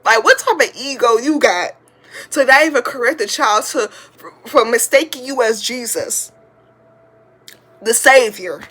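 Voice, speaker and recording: A woman in her twenties from Louisiana hosting a podcast, telling childhood stories in an animated, slangy, profane way and addressing listeners as y'all. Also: on the high side, a little slow, long pauses. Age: 20s. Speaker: podcast host. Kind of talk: casual storytelling.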